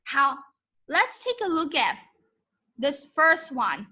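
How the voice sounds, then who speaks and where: High, bright-voiced teacher woman. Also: very animated. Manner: slow, patient, mixes English with Mandarin, models tones by humming. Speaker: Mandarin teacher. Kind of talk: live-streamed language lesson.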